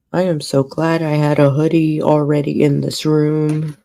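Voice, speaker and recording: A woman's voice: low-pitched, little pitch movement, unhurried, creaky, dark tone. A woman streamer and author chatting casually on a livestream from a hotel room, rambling and thinking aloud.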